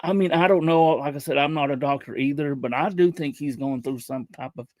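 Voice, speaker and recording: A man hosting a livestream, talking casually in a halting way, often repeating words and restarting his sentences. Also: a little high, a little mellow, dry recording. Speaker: livestream host.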